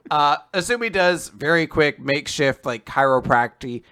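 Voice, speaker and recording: A lively man recapping manga on a podcast, his pitch swinging widely as he acts out characters. His tone is bright and a little high, and he keeps breaking into shouted or squeaky impressions. He talks in a loose, casual way. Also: normal speed, clean tone. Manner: animated, acts out characters' lines in exaggerated voices. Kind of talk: casual chat.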